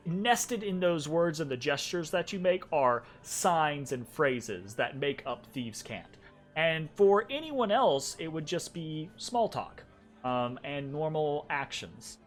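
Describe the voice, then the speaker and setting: A man narrating a tabletop game as the game master in a relaxed, casual way, full of fillers and checks like "right?". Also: fairly high pitch.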